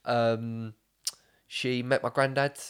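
A man's voice: mid-range voice, level tone, takes it slowly, fairly bright tone, clean tone. A young man, hosting a casual podcast chat, rambling through stories with lots of swearing and laughter. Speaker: podcast host.

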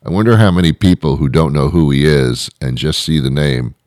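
Very deep-voiced wry male host. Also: brisk, no room sound, clean studio sound. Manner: rambling, wry, deadpan asides. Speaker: show host. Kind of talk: comedic monologue.

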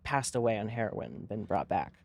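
A man's voice: on the low side, sing-song, moderate pace, creaky, a little mellow, slight background noise. A young man co-hosting a podcast, telling a long story in casual chat, rambling and swearing freely with lots of fillers. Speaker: podcast co-host.

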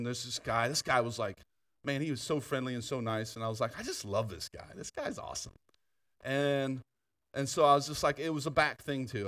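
A man preaching a sermon in a church, his voice moving in lively swings as he tells stories with laughs and asides. He sits at a middle pitch and is a little off the mic, so the sound carries some of the hall. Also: recorded from a distance. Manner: animated storytelling with laughter and asides. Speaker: pastor. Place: church sanctuary.

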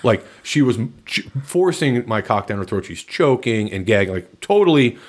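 A man recounting a personal story in frank, casual podcast chat, relaxed and matter-of-fact. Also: medium pitch, moderate pace, breathy edge.

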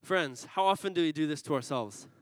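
Male preacher, high bright voice, playful sermon delivery, dry close sound. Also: lively intonation, a little fast, dry recording, poor audio. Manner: playful, teasing the congregation. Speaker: pastor. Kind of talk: sermon with a comic story.

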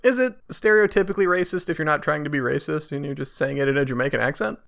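A man's voice: fairly high pitch, fast, vocal fry, fairly bright tone. A man co-hosting a podcast in casual comedic chat, joking irreverently and laughing often. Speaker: podcast co-host.

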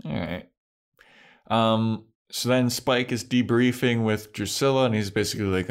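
Man, low voice, podcast co-host, animated casual recapper. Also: moderate pace. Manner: animated retelling, slips into mock voices for characters. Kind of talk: casual chat.

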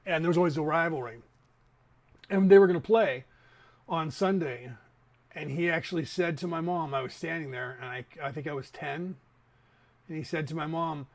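A man's voice: a little high, normal speed, creaky. A man in his fifties from the San Francisco Bay Area, hosting a casual opinion monologue that rambles and speaks straight to listeners. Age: 50s. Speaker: podcast host.

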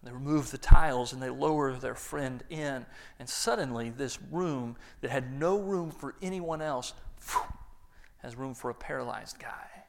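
A man preaching a sermon, acting out the voices in the story and swinging between loud lines and hushed ones. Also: mid-range voice, measured pace, gravelly. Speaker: pastor.

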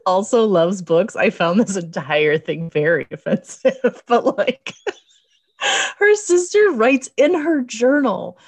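A woman's voice: medium pitch, expressive, slow, breathy edge, no echo. A woman co-hosting a podcast in casual chat, laughing often as she mocks a movie's dialogue. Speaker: podcast co-host.

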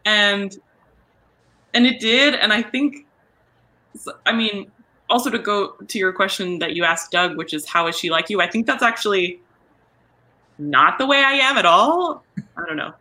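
A woman's voice: medium pitch, normal speed, long pauses, sharp tone. A woman talking about playing a role in a casual panel chat, hunting for words with many fillers and restarts. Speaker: voice actor guest.

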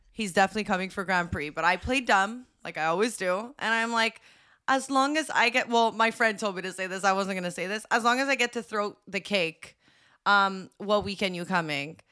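A woman's voice: medium pitch, fairly quick, clean tone. A woman co-hosting a podcast, telling stories in casual chat with frequent laughter. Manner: giggly, animated storyteller. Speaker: podcast co-host.

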